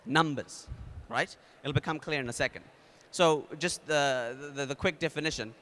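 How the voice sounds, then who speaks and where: A man with a New Zealand accent speaking at a conference, casual and energetic, with many fillers and restarts. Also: fairly high pitch, moderate pace, a little hiss or hum. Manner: energetic, leads the audience in a game. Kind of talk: conference talk.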